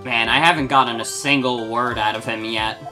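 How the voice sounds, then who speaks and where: Low-voiced woman streamer over game music. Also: steady tone, moderate pace. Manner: offhand, chatty. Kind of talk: casual let's-play commentary.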